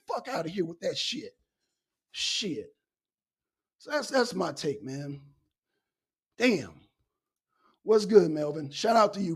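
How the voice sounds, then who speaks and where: A woman co-hosting a live talk stream, ranting with constant swearing, loud bursts that trail off low. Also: gravelly, breathy edge. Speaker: co-host. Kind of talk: heated profane rant on a live talk stream.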